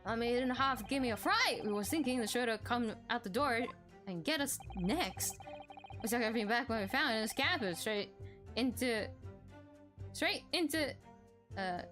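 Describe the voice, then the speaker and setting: A woman's voice: fairly high pitch, expressive, normal speed, over music, natural voice. Woman doing cheeky cockney thief brothers. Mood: sheepish. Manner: mock cockney drawl, folksy slang. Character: two rough male petty-thief brothers, cheeky and shifty.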